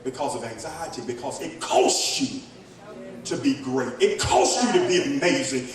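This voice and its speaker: A male pastor preaching a sermon, rising into shouts and speaking straight to the congregation. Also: a little high, lively intonation, normal speed, crowd noise. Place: church sanctuary. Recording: echoey church hall from far off, congregation. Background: congregation responding.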